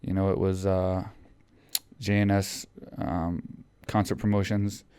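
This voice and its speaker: A man's voice: low-pitched, level tone, a little slow, dark tone, clean tone. A man hosting a podcast in casual chat, rambling with lots of fillers and restarts. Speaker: podcast host.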